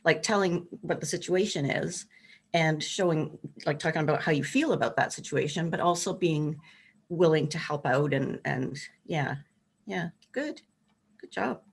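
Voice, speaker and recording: A woman's voice: low-pitched, normal speed, creaky, slightly rough. A woman therapist on a video call, encouraging and giving others praise as she speaks. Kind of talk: casual panel chat on a video call.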